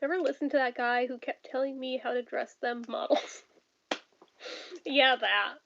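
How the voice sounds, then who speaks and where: A woman's voice: high voice, steady tone, moderate pace, vocal fry, fairly bright tone, slight background noise. A woman in her thirties chatting casually on a home stream, blunt and profane, laughing often and ranting. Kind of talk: casual chat reading viewer comments. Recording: dull lo-fi stream audio.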